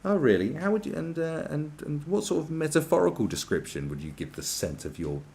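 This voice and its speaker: A man's voice: fairly high pitch, sing-song, a little fast, gravelly, darkish tone. A man on a podcast, ranting crudely and sarcastically with many restarts and mocking asides. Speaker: podcast host. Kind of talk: crude comedic rant.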